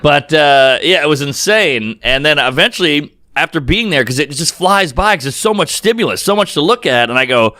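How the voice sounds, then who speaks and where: Animated bright-voiced man telling crude stories. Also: fairly high pitch, moderate pace, few pauses, no echo, studio quality. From United States. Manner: animated, deadpan crude anecdotes with put-on voices. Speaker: comedian podcast host. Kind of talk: casual comedic storytelling.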